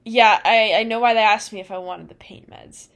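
A woman's voice: mid-range voice, fairly even intonation, moderate pace, fairly bright tone, muffled recording. A young woman co-hosting a casual chat podcast, telling a story in a rambling way and laughing often. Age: young adult. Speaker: podcast co-host.

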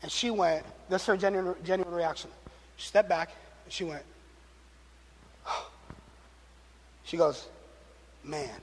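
A pastor tells a sermon story, acting out each person in it and laughing at his own jokes. His high-pitched voice keeps a normal speed. There's a little hiss or hum, plus the long reverb of a large hall.

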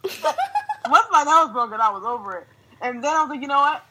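On a low-quality recording, a young podcast host from New Jersey speaks in a high-pitched, husky voice at normal speed. She tells a story in relaxed conversation, cursing freely, ranting with animation, and laughing a lot.

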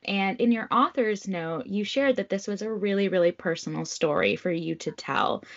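A woman's voice: medium pitch, moderate pace, gravelly. Enthusiastic young woman podcast host, lo-fi. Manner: enthusiastic, gushing. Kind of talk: casual interview chat.

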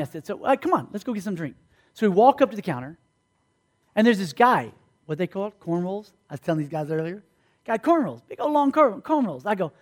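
A man's voice: on the high side, quick pace. A man preaching a sermon, telling stories and acting out the dialogue in different voices. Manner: animated, acts out dialogue in voices. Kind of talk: sermon storytelling.

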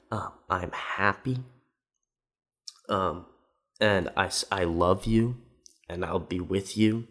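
A man's voice: low voice, slow, long pauses, a bit bright. A man ranting in casual commentary, sarcastic and rambling with many fillers, mocking what others said. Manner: mimics quoted speech with raised voice.

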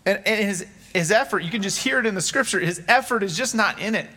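Earnest man preaching, slightly high voice. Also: quick pace, sharp tone. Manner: earnest, conversational preaching with acted-out quotes. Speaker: pastor. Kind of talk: sermon.

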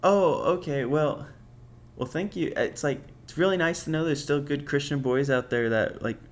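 Man putting on a rambling earnest young woman, slightly raised pitch, breezy. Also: moderate pace, close to an everyday voice. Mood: sweet, earnest.

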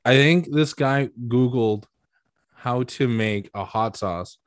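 A man's voice: mid-range voice, slow, no echo, studio quality. A man co-hosting a podcast in casual chat, rambling and incredulous as he riffs. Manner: rambling, incredulous, animated riffing. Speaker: podcast co-host.

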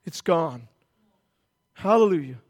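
A pastor preaching a sermon, emphatic, slowing down for stress and acting out the story's characters in quick asides. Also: male voice, a little high, expressive. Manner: emphatic preaching, dramatizes scripture with voiced asides.

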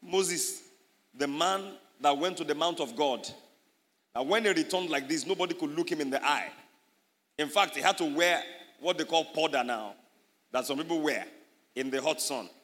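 A man preaching an animated sermon as a pastor, his voice rising loud on key points. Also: fairly high pitch, moderate pace, long pauses, long reverb tail.

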